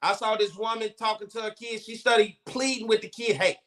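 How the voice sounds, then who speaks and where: A man's voice: sits high, fairly quick, crowd noise. A man co-hosting a casual podcast chat, telling stories bluntly with plenty of profanity and acting out the people in them. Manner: blunt, animated storytelling with profanity. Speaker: co-host.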